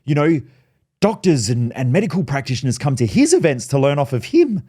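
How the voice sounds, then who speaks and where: A man's voice: medium pitch, sing-song, a little fast, warm tone, husky. A man quoting his pleading, fretful mum. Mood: proud. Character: worried then proud middle-aged mother.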